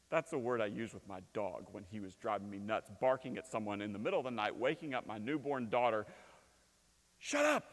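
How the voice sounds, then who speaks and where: A man in his thirties preaching a sermon in a church, telling stories with lively swings from loud bursts to hushed lines. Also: medium pitch. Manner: animated storytelling, shouting quoted lines, dropping to quiet. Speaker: pastor. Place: church sanctuary. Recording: long hall reverb.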